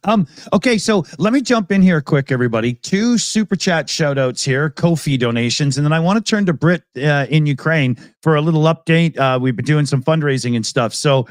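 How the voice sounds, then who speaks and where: A man hosting a live roundtable stream, brisk and friendly as he reads donations. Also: a little high, no echo. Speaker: host.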